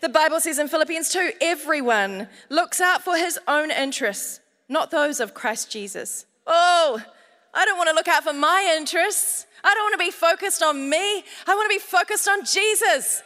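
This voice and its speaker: A woman's voice: very high-pitched, expressive, normal speed, sharp tone. Australian woman preaching with playful humor. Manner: humorous storytelling with audience call-outs. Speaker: pastor. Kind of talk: sermon. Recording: long hall reverb.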